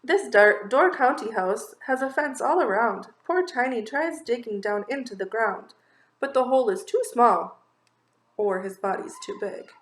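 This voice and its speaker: A woman reading a rhyming children's picture book aloud in a lively, expressive, sing-song way. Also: fairly high pitch, measured pace, roomy sound. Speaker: children's story reader. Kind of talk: storybook read-aloud.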